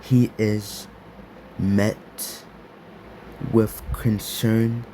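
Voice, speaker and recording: A man narrating an improvised fan story, halting, with many repeats and restarts. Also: on the low side, flat delivery, warm tone, a little hiss or hum.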